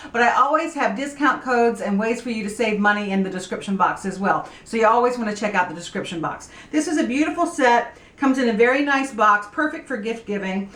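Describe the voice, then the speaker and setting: A woman in her forties hosting a skincare tutorial vlog, explaining in an upbeat, clear way. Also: fairly high pitch, fairly bright tone, roomy sound. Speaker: beauty vlog host.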